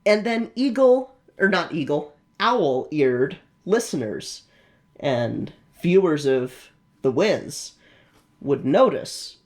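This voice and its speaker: Slow, easygoing podcast co-host. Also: mid-range voice, big pitch swings, a little mellow. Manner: unhurried, enthusiastic, with fillers. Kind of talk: casual chat about a film.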